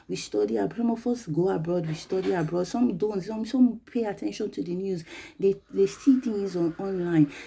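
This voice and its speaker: Nigerian woman, advocate, passionate rhetorical monologue; gravelly, dark tone. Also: medium pitch. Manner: emphatic, rhetorical, slips into pidgin. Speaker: advocate commentator.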